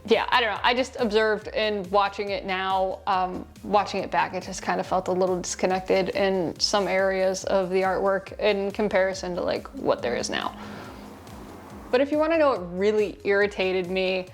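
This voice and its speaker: A woman's voice: medium pitch, steady tone, moderate pace, faint music behind. A woman reviewing a film in a casual, sarcastic, rambling way, recorded on a lapel mic in her shirt. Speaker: movie reviewer.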